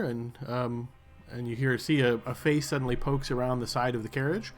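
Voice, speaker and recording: A man running a tabletop game as game master, describing scenes at a halting pace with fillers. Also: medium pitch, steady tone.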